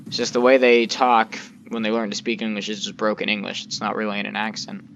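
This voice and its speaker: A man's voice: on the low side, completely flat delivery, fast, gravelly, a bit bright, dull audio, slight background noise. A man giving casual gameplay commentary, rambling with lots of fillers and mild cursing into a desk microphone. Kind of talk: casual let's-play commentary.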